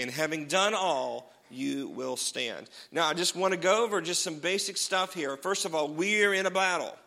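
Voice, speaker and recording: A man's voice: fairly high pitch, bright, forceful tone, long reverb tail. A man pastor giving a conversational, self-deprecating sermon, often laughing at himself.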